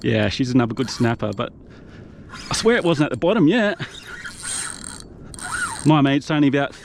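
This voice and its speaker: A man's voice: mid-range voice, normal speed, vocal fry, a little hiss or hum. Whooping young man on a kayak. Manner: exuberant, whooping, breathless excitement. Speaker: kayak fishing vlogger. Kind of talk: excited live commentary while fishing. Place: outdoors on a kayak at sea. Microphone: action camera.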